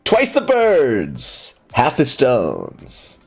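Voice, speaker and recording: A woman voicing a cheesy male discount salesman with a hammy, drawn-out sales pitch. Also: huge pitch swings, darkish tone, husky, soft background music, full character voice.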